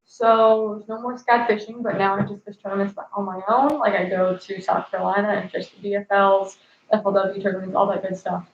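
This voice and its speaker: A woman's voice: medium pitch, flat delivery, brisk, creaky, slight background noise. Chatty young woman on an echoey live stream. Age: 20s. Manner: chatty, laughs at her own jokes. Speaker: fishing channel host. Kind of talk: casual live-stream chat reading viewer comments. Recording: echoey, slightly dull live-stream audio.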